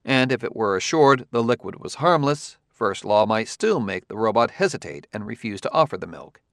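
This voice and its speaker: A man's voice: lowish voice, very animated, normal speed, fairly bright tone, no echo, clean studio sound. A man reading a pressing, methodical Earthman detective. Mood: insistent. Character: sharp, insistent Earthman detective, male adult. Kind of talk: audiobook character reading.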